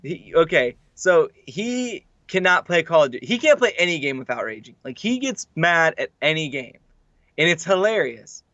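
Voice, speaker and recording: A young man with a high-pitched voice co-hosts a relaxed podcast chat, an animated storyteller who packs his anecdotes with "like" fillers at a moderate pace. The recording is dry and close, with a slightly dull, lo-fi mic.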